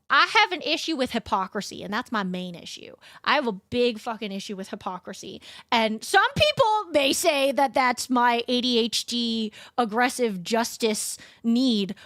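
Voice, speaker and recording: A young woman streamer chatting casually, telling stories in an animated, profane rant. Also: on the high side, no room sound, clean studio sound. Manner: profane, ranting, animated storytelling. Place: home streaming setup.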